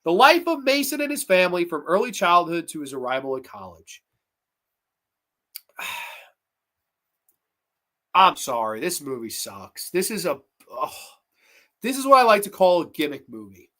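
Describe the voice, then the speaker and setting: A woman's voice: lowish voice, big pitch swings, moderate pace, pauses often, fairly bright tone. A woman hosting a movie review show, ranting bluntly and with lots of swearing about a film she dislikes. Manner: profane, blunt, exasperated. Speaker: movie review podcast host.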